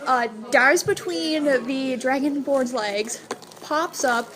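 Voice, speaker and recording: A woman runs a tabletop game as game master. She talks casually, with many fillers, in a high voice. Crowd chatter fills the room behind her. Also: takes it slowly.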